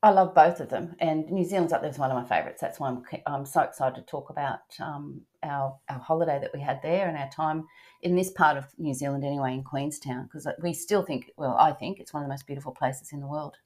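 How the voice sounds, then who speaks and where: Speaking briskly in a deep, slightly mellow voice, an older Australian woman hosts a laid-back travel podcast. She sounds upbeat, often using fillers and restarting her sentences.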